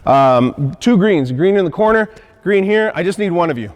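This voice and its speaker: A man's voice: high-pitched, animated, normal speed, big-room sound. A man coaching basketball on a court and demonstrating moves, checking in with "okay?" and "right?", a little out of breath. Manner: instructive, punctuates points with "okay?" and "right?". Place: gym.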